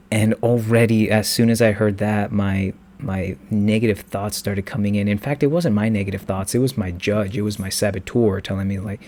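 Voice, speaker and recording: Halting young man telling a story. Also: fairly low pitch, steady tone, darkish tone. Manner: halting, many restarts and fillers. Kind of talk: personal storytelling.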